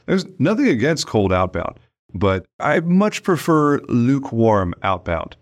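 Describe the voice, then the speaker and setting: A man hosting a podcast in casual conversation, acting out sales calls in quick mock voices. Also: mid-range voice, very animated. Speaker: podcast host.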